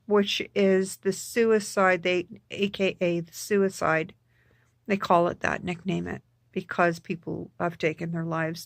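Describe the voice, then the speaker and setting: Woman vlogger, unhurried, halting delivery with restarts, dry sound. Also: lowish voice, dry recording. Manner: halting, full of restarts and repeated words; emphatic, repeats for stress. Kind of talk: casual personal vlog.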